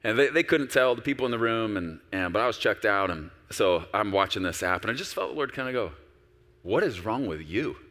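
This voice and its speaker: A man pastor preaching a sermon on a stage, shifting from quiet storytelling to loud, urgent exhortation. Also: lowish voice, quick pace, hardly any pauses, in a large hall. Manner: animated, swinging from soft storytelling to loud exhortation. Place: large church auditorium with stage.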